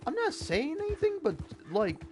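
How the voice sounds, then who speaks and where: A man's voice: very high voice, huge pitch swings, moderate pace, faint music behind. A young man giving a sarcastic, profane rant while reading an article aloud. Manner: profane, sarcastic, exasperated ranting. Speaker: gaming video creator. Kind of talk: ranting commentary reading an article.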